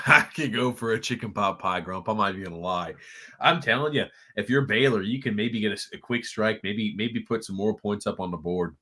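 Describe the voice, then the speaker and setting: A man co-hosting a casual college football watchalong podcast, excitable and prone to high-pitched outbursts. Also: fairly quick. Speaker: podcast co-host. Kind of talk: casual game watchalong chat.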